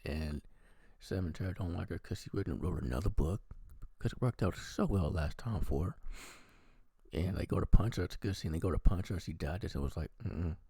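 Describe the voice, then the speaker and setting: A man's voice: low-pitched, fairly quick, vocal fry, warm tone, slightly rough, no room sound. A man giving a casual, profane movie review, animatedly acting out the characters' lines.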